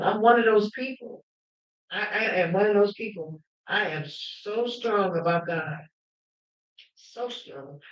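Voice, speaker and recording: Woman host, fervent and emphatic storyteller who breaks into shouting; muffled lo-fi sound. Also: medium pitch. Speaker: livestream host. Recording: roomy, dull lo-fi livestream audio.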